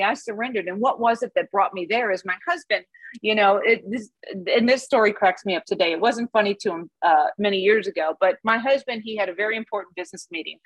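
A woman's voice: mid-range voice, breathy edge, no echo, rough recording. A middle-aged woman sharing her personal recovery story with a support group, candid, laughing at her past. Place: Dallas.

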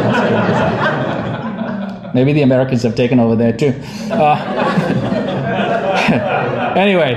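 A man, from India, giving a humorous personal testimony at a podium, wry and self-mocking. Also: medium pitch. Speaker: speaker at a recovery meeting. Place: meeting hall with podium. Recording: echoey hall.

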